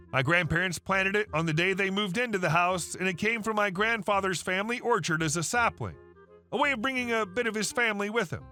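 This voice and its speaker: A man narrating online stories in an even, matter-of-fact way. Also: high-pitched. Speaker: story narrator.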